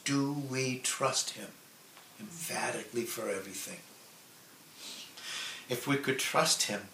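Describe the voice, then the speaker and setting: A man preaching a sermon in a slow, earnest way, drawing out key phrases and letting line endings fall soft. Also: mid-range voice. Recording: echoey room with faint ambient noise.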